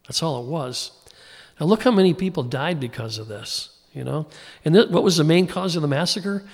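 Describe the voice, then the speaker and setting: Folksy preacher man in a reverberant hall. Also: on the high side. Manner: folksy, informal, acts out quoted voices. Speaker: pastor. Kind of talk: conversational Bible teaching sermon.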